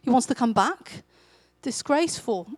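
In a relaxed, conversational manner, a woman with a rather high voice delivers a sermon, telling the story like she's chatting. When she voices a character's lines, she gets more energetic, and her delivery is expressive, normal in speed, and a little rough. The recording is dry and close-miked.

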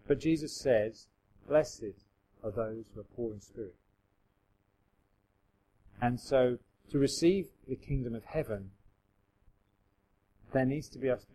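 A man's voice: medium pitch, a little mellow, poor audio. A middle-aged man preaching a sermon in a conversational way, acting out quoted voices with self-deprecating humour. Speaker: pastor.

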